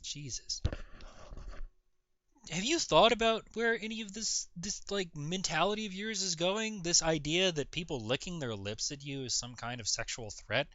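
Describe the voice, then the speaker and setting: A man's voice: fairly high pitch, sharp tone, no echo. A man ranting sarcastically in a reaction video, mocking and exasperated, swearing often. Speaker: video commentator. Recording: dull lo-fi recording.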